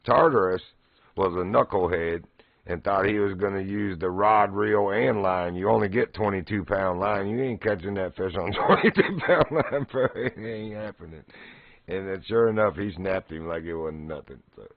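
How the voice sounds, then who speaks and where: A middle-aged man streams a fishing game, laughing often as he tells stories in relaxed, easygoing chat. His voice is low and his pace moderate. The recording is dry, with muffled, lo-fi stream audio.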